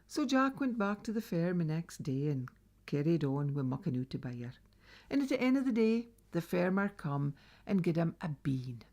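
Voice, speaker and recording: A woman's voice: fairly low pitch, moderate pace. A woman with a Northeast Scots accent telling a traditional folk tale, dramatic and dropping to whispers. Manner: lively, dramatic, drops to whispers. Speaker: storyteller.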